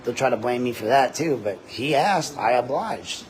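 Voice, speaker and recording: A man hosting a livestream from a body-worn camera, ranting in a loud, deep voice, combative and profane. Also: animated, normal speed, a little hiss or hum. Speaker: host, citizen journalist. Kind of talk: livestreamed rant. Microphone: body-worn camera mic.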